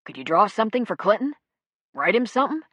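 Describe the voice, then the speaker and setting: A woman's voice: medium pitch, very animated, quick pace, husky, no echo, pitched above the performer's own voice. A woman voicing a kindly male nurse. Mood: reassuring. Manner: polite, gentle reassurance.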